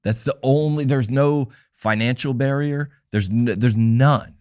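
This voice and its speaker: A man's voice: medium pitch, measured pace, a little mellow, clear, resonant tone. A man, a comedian on a podcast interview, talking casually and rambling with many restarts. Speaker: comedian guest.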